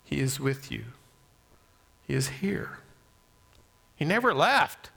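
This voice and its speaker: A man preaching a sermon, swinging from loud emphasis to soft near-whispers. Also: medium pitch, very animated, slow, creaky, breathy edge, in a large hall. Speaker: pastor.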